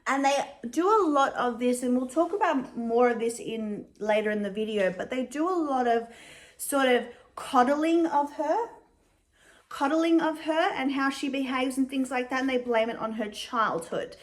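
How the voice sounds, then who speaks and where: A young adult woman giving casual commentary as a vlogger, chatty and measured, with frequent fillers. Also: sits high.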